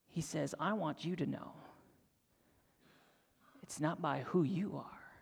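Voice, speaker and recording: High-voiced young preacher in a hall. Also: male voice, slow pace, vocal fry, pauses often, slightly rough. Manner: dramatic storytelling, dropping to near-whispers and rising to excited high voices. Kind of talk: sermon. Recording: long hall reverb.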